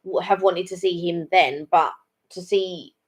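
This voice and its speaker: A woman's voice: on the low side, steady tone, a little slow. A middle-aged woman, co-hosting a live chat and telling stories in a rambling way, full of ums and restarts. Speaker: co-host of a live chat stream. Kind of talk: casual chat.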